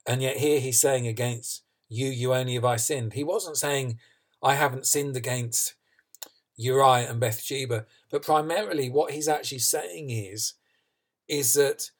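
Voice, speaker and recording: A man's voice: medium pitch, unhurried. A man preaching a sermon, earnest and emphatic, reading scripture and asking questions he answers himself. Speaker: pastor.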